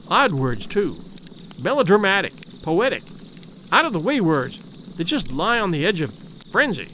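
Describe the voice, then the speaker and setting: A man narrating a story, his voice sitting high and ranging widely as he reads. His delivery is measured and vivid, leaning into the drama of each line. It is a classic storybook reading. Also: sing-song, sharp tone, a little hiss or hum. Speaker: audiobook narrator.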